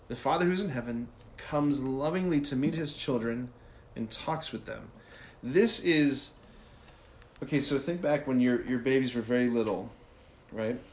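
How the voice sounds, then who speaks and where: A man giving an informal Catholic talk, animated and conversational, often laughing and asking "right?". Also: medium pitch, slight background noise. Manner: laughs easily while talking. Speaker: Catholic speaker. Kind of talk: casual faith talk.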